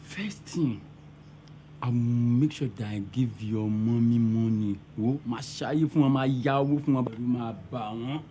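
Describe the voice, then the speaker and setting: A man's voice: medium pitch, unhurried, mellow, a little hiss or hum, close to an everyday voice. A man with a Nigerian accent playing a boastful, broke young man with dramatic outbursts, mixing in pidgin. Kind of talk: amateur skit acting.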